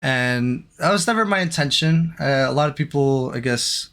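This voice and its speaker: A man speaking on a stream, apologizing in a halting, unsure way. He restarts his sentences and fills pauses with ums and uhs. His voice sits at a middle pitch for a man. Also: animated, a bit bright. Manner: hesitant, halting, many restarts and fillers.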